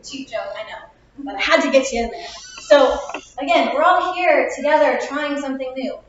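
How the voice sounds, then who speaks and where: High-voiced young woman, echoey room. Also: moderate pace. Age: 20s. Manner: upbeat, chatty, self-mocking. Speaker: opening speaker. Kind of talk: motivational speech. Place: classroom. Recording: echoey lo-fi room recording from far off.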